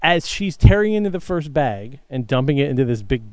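A man telling a story in casual chat, animated and profane, acting out the people he quotes and laughing often. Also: medium pitch, a little fast. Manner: animated, swears freely, acts out quotes, laughs a lot. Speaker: podcast co-host telling a story.

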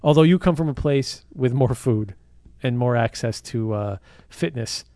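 A man's voice: mid-range voice, normal speed, mellow, no echo, studio quality. A man co-hosting a podcast, riffing jokily in casual comedic chat and swearing freely. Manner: riffing, jokey, swears, bursts into mock-outraged bits. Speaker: podcast co-host. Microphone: studio microphone.

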